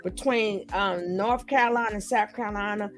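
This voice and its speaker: A woman from New York hosting a casual live-stream chat, animated and quick with loud outbursts. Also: medium pitch, soft background music. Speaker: channel host.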